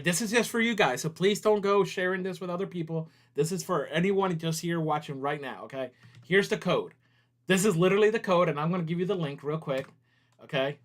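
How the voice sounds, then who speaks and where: A man's voice: fairly high pitch, fairly bright tone. Chatty man hosting a livestream. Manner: chatty, laughs easily, talks to viewers while working on screen. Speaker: company CEO hosting a livestream. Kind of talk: casual livestream chat.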